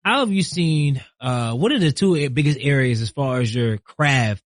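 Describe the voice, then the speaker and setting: Laid-back podcast host, mid pitch, lots of mm-hmms, dry mic. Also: expressive, moderate pace, no echo. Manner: loose, informal questions with frequent agreeing fillers. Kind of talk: casual interview chat.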